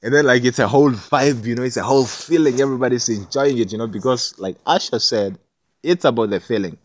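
A man's voice: medium pitch, a little fast, darkish tone, no room sound. A man telling a personal story in a loose, rambling way, full of fillers and restarts. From not Jamaica. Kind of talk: casual storytelling.

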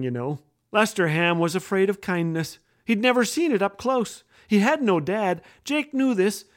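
A man hosting a humor show, reading his own children's story aloud with a playful, jokey delivery. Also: sits high. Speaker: host and storyteller.

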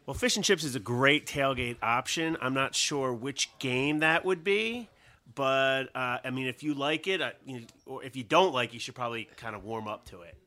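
A man guesting on a sports talk show, his voice bright and forceful. He dodges every question with loose, noncommittal answers and keeps it casual. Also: animated, normal speed. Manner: evasive, hedging, low-key answers.

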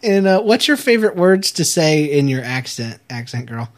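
A man's voice: fairly high pitch, sing-song, normal speed. Brief: adult man, amused dad as host, playful and giggly chat. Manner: laughs often, teasing and amused. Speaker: father hosting a home show with his daughter.

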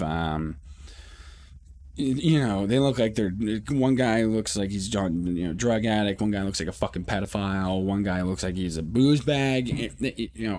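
A man's voice: lowish voice, a little mellow. Rambling, profane man telling a story. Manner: rambling and profane, with many restarts. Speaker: podcast host. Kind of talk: casual storytelling monologue.

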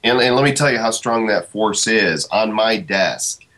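A man's voice: lowish voice, unhurried, a bit bright. A middle-aged man hosting an interview, asking reflective questions in a hesitant, conversational way. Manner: hesitant, many fillers and restarts, asks reflective questions. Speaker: interview host.

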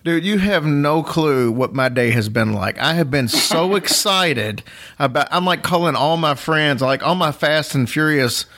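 A man hosting a podcast, telling a story in casual chat with lively asides and chuckles. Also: a little high. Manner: animated, quick asides and chuckles. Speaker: podcast host.

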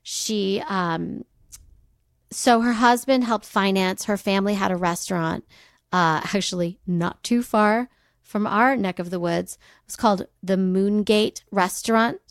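A woman co-hosting a podcast, telling a story in casual chat, animated and often laughing. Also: mid-range voice, measured pace, clean tone, no echo, studio quality. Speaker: podcast co-host.

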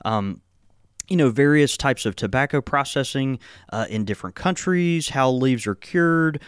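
Chatting casually on a pipe tobacco podcast, an American shop host rambles along with many fillers and restarts. His medium-pitched voice is animated yet a little slow, with a clean tone. The recording is dry and of studio quality.

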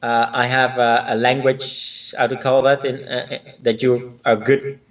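Man, mixed spanish-dutch accent, guest on a video call, fillers and pauses, distant muffled lo-fi sound. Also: medium pitch, level tone. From Spain. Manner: searching for words with many fillers. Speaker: guest choreographer. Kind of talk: casual interview chat.

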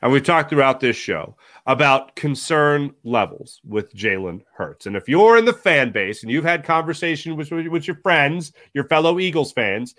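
Lively, bright-voiced male sports co-host. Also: fairly high pitch. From Philadelphia area. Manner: animated, jokey, quick tangents. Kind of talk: casual sports talk.

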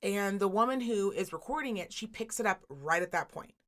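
A woman co-hosting a podcast, telling a story in casual chat, profane and animated, acting out the people she quotes. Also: mid-range voice, brisk. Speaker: podcast co-host.

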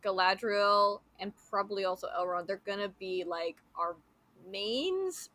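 A woman hosts a podcast in loose, friendly chat, full of fillers and restarts. Her voice is bright and forward. The sound is close and dry, with no room around it. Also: medium pitch, expressive, unhurried, dry recording. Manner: chatty, many fillers and restarts. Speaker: podcast host. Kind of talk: casual chat.

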